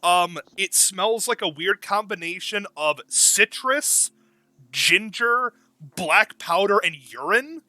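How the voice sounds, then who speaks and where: A man's voice: high voice, lively intonation, takes it slowly, sharp tone, dry recording. A young man running a tabletop game as game master, rambling and often searching for words.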